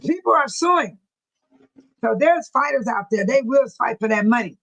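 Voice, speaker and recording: A middle-aged woman from California talks casually on a livestream from her home, and her voice sits notably high. She chats loosely and warmly with her viewers, calls them by name, and breaks into frequent laughs. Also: lively intonation, normal speed, poor audio. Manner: chatty, laughs often, addresses viewers by name. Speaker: livestream host. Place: home room near a bathroom.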